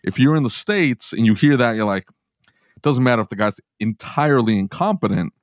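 A man's voice: medium pitch, lively intonation, a little fast, no echo, clean studio sound. A man hosting a podcast, chatting casually with jokey, teasing asides. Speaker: podcast host. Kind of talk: casual chat.

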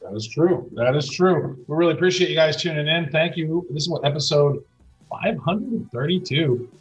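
A middle-aged man with a husky, slightly rough voice, co-hosting a casual podcast. He rambles on enthusiastically and swears playfully now and then. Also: on the high side, expressive, moderate pace, dull audio, faint music behind. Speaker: podcast co-host.

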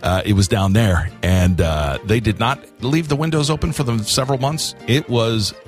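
A man co-hosting a radio show, joking and telling stories in a lively back-and-forth. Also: fairly low pitch, normal speed, faint music behind. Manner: joking, animated storyteller. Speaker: radio co-host. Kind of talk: morning radio banter.

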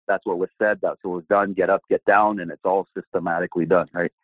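A man's voice: low-pitched, steady tone, fairly quick, no echo. A man as a guest, telling a personal testimony animatedly and acting out the dialogue. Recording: dry, phone-like line.

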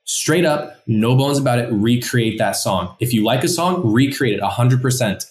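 This man talks about his songwriting like a mentor passing on a trick, animated and quick to voice his own past thoughts. His voice sits in the middle range. He sounds as if he is in a roomy, echoing space. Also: mid-range voice. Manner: enthusiastic, explains by acting out his own thoughts. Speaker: musician and songwriter. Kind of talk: casual group discussion.

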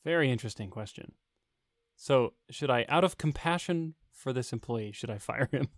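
A man's voice: mid-range voice, lively intonation, moderate pace, no room sound, studio quality. A man co-hosting a podcast, chatting casually and laughing as he tells stories. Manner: storytelling, laughing mid-sentence. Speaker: podcast co-host. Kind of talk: casual chat.

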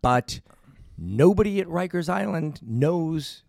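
A man's voice: on the high side, expressive, slow pace, gravelly, a little mellow, no room sound, clean studio sound. A male interviewer asking short, probing questions.

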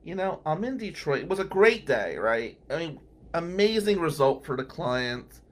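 A man's voice: on the high side, normal speed. A man telling courthouse stories as a regular on a radio talk show, acting out the people he quotes. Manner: animated anecdotal storyteller, acts out quotes.

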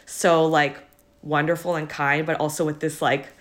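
Teary young woman, lowish voice, halting chat. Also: little pitch movement. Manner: halting, many fillers, laughs through tears. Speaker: podcast co-host. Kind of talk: casual chat.

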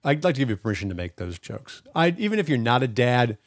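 A man in his forties co-hosting a chat podcast, his pitch swinging up and down as he tells stories. He swears casually and acts out every quote. The recording is close and dry. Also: fast, no room sound. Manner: animated storytelling, acting out quotes; swears freely. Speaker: podcast co-host.

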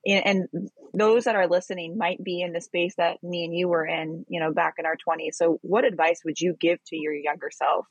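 Husky-voiced woman podcast host. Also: fairly low pitch, fairly even intonation, brisk, no echo. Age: 30s. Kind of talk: conversational interview. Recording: dull dry lo-fi sound.

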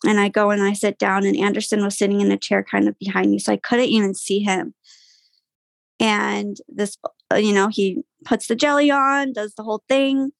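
Young woman, guest, candid, sighing, gravelly, dry close sound. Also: medium pitch, level tone, moderate pace, no echo. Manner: candid, frequent "like" fillers, sighs. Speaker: guest sharing a personal story. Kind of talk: casual podcast conversation.

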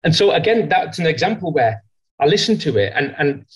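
A man's voice: on the high side, very animated, fairly quick, low-quality recording. Rambling, self-reflective man on a podcast. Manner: rambling, self-reflective storytelling with many restarts; slips into quoted voices and an American impression. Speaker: guest sales leader. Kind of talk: podcast interview answer.

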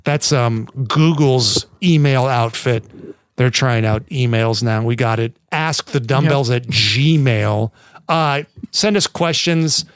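A man's voice: mid-range voice, slow, clear, resonant tone, dry recording, studio quality. A man co-hosting a podcast in casual chat, laid-back and jokey, rambling as he talks. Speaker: podcast co-host.

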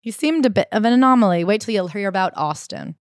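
Fast-talking woman with wry asides. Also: medium pitch, expressive, dry recording, studio quality. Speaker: podcast co-host. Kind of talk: casual book-review chat.

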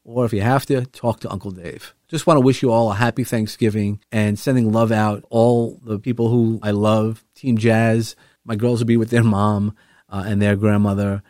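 A man's voice: fairly low pitch, fairly even intonation, normal speed, darkish tone, dry recording, studio quality. A middle-aged man telling a personal story in an earnest, heartfelt way, rambling a little with restarts. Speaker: vlogger sharing a personal story.

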